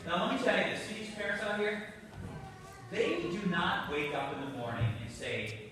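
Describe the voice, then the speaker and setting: A man's voice: high voice, very animated, normal speed, noisy background. A man giving a homily to children in church, chatty and coaxing as he asks them questions. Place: large church. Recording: echoey church from far off.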